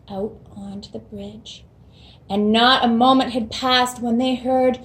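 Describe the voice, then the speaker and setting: A woman hosting a children's program, reading a fairy tale aloud in a gentle storytelling manner. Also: mid-range voice, a little slow, vocal fry.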